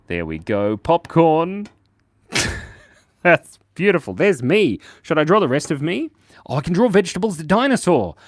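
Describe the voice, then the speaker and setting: A man's voice: a little high, big pitch swings, measured pace, no echo, clean studio sound. A young Australian man hosting a casual drawing livestream, chatty and jokey, reading the chat aloud and laughing often. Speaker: livestream host and cartoonist.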